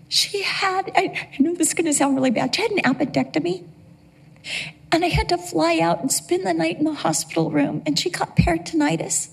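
A woman's voice: extremely high pitch, brisk, vocal fry. A middle-aged woman preaching a sermon, telling a personal story in an earnest, emotional way.

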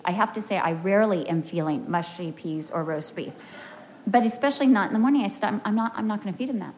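A woman's voice: mid-range voice, fast, darkish tone. An American woman preaching a sermon in an emphatic, storytelling way with humorous asides. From United States.

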